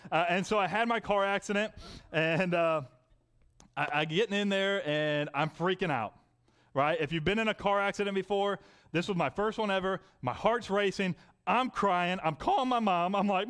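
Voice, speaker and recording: A man's voice: high voice, a bit bright. A young adult man preaching a sermon, conversational and telling personal stories. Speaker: pastor.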